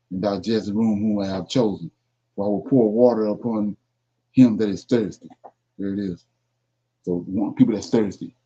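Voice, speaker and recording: A man's voice: on the low side, warm tone, slightly rough. A man teaching a Bible class, reading scripture aloud and stopping to explain the verses. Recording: dull lo-fi sound.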